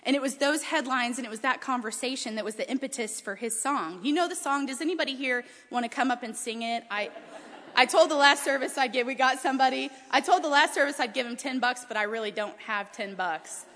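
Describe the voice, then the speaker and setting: A woman preacher telling a chatty, animated family story during a sermon in a large hall with a balcony. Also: high-pitched, brisk. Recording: long hall reverb.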